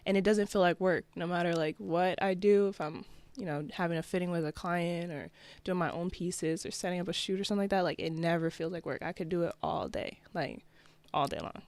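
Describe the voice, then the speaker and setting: A young woman from New Jersey, a fashion designer guest, chatting in a relaxed, laid-back way. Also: fairly low pitch, brisk, no room sound. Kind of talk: casual interview.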